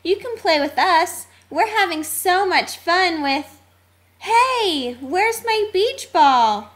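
A woman voicing a small, excitable male dog in a storybook read-aloud, eager and excited. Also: extremely high pitch, slow pace, voice pushed up, full character voice.

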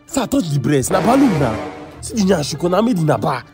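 An actor with a Nigerian accent playing a sly, excitable young churchgoer in a comedy skit, crying out and pleading in a rush. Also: male voice, high-pitched. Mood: outraged. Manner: excitable, loud exclamations, rapid pleading. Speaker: comic actor. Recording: music playing behind.

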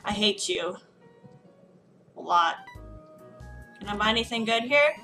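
A woman's voice: medium pitch, expressive, unhurried, soft background music. A tipsy woman playing a video game, cursing and grumbling at it in casual commentary. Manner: profane, exasperated, yelling at the game. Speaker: let's play gamer.

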